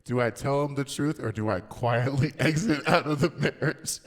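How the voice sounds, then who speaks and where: A man voicing a distressed woman's written confession in a slow, deep, put-on reading voice, as a comic dramatic reading. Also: natural voice. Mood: mock-solemn. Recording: reverberant basement studio.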